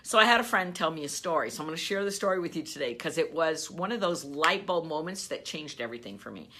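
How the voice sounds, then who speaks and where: A middle-aged woman coach giving an animated motivational talk and telling a story, laughing often. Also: low-pitched, quick pace, slight background noise. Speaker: business coach.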